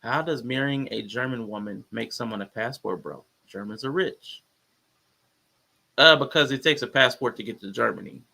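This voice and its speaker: A man's voice: mid-range voice, normal speed, creaky. A man hosting a casual reaction commentary stream, talking loosely to his viewers and chat. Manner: relaxed, conversational, addresses viewers as y'all. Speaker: commentary channel host.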